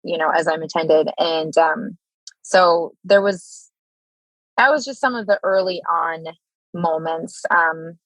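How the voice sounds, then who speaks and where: Low-voiced American woman, halting telling. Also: dry recording, poor audio. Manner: halting, many fillers and restarts. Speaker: guest, Army veteran. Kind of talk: candid interview storytelling.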